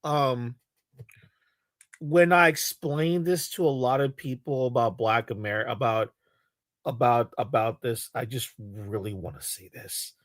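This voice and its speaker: A man giving casual, halting reaction commentary on a clip, scoffing and repeating himself. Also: medium pitch, no room sound. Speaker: reaction streamer.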